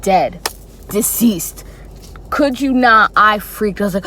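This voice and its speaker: A young woman telling a personal story in a casual vlog, animated and expressive with dramatic reactions. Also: mid-range voice, takes it slowly, long pauses, slight background noise, low-quality recording. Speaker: flight attendant vlogger.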